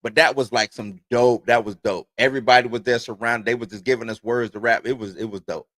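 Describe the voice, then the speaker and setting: A man's voice: medium pitch, steady tone, a little fast, fairly bright tone, no room sound. A man in his forties hosting a casual livestream, reading entertainment news aloud and then rambling off into his own stories. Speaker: host.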